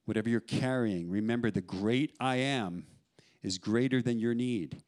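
A male pastor delivering a sermon in an earnest, pleading voice. His pitch sits mid-range for a man, and he drops into quiet, slowed passages when he voices prayers. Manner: earnest, pleading, with soft laughs.

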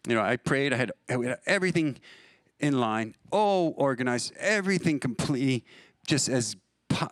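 A man's voice: medium pitch, no echo. A middle-aged man from New preaching a sermon as pastor, conversational and storytelling, often laughing at his own stories.

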